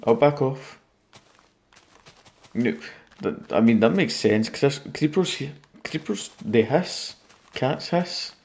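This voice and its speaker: A man's voice: medium pitch, expressive, slow pace, darkish tone. A man casually commenting on his gameplay late at night, rambling and joking with viewers. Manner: rambling, jokey, talking to viewers. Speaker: gaming YouTuber.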